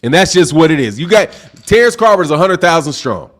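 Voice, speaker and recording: A man hosting a live-stream boxing talk show, loud and excitable, projecting his voice and saying "bro" a lot while reading viewer super chats. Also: fairly high pitch, brisk. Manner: reads super chats aloud. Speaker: boxing channel host. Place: home live stream, sipping drinks.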